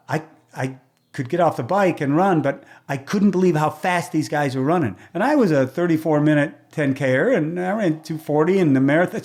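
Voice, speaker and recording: An older man, a race announcer as a guest, telling stories from his career in chatty, casual conversation and acting out what people said. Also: on the high side. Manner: lively storyteller who acts out quoted dialogue; chatty, with restarts and throat clearing.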